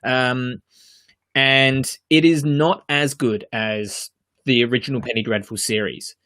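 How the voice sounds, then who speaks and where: A man's voice: medium pitch, fairly even intonation, measured pace, bright, forceful tone. A man co-hosting a podcast, reviewing a TV series in casual chat, earnest and emphatic, with frequent fillers and restarts.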